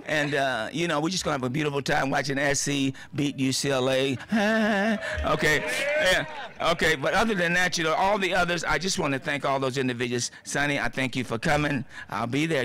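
Older male honoree, folksy and joking, bright voice, raised pitch, outdoor ceremony speech. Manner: folksy, joking, heartfelt, rambling with laughs. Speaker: honoree giving a dedication speech. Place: outdoor sports field.

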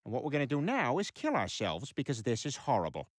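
A man's voice: medium pitch, wildly swooping pitch, fast talker, dry recording, clean studio sound. An actor voicing a childish, blustering father in his forties in a cartoon. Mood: mock-earnest. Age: 40s. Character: dim-witted loud middle-aged father. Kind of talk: cartoon voice acting.

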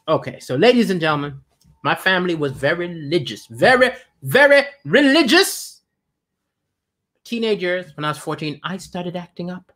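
A man's voice: extremely high pitch, bright, forceful tone. A man hosting an online comedy show, delivering a stand-up monologue with restarts and self-deprecating punchlines.

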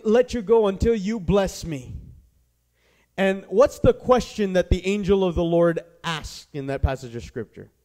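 A man's voice: sits high, a little mellow. A man with a Southern US accent preaching a sermon, talking with his congregation and putting questions to them. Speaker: pastor.

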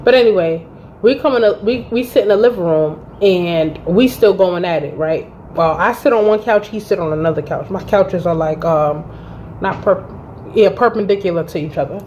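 A woman in her thirties telling a personal story to her channel in a casual, animated and profane way, acting out both sides of the conversation. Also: fairly low pitch, moderate pace, highs cut off, slight background noise. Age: 30s. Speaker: vlogger. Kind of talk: storytime vlog.

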